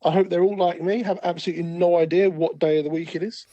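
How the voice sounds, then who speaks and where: A man's voice: high-pitched, fairly even intonation, quick pace, mellow, no echo, dull audio. A man co-hosting a podcast in casual, joking chat. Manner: jokey, laid-back. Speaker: podcast co-host.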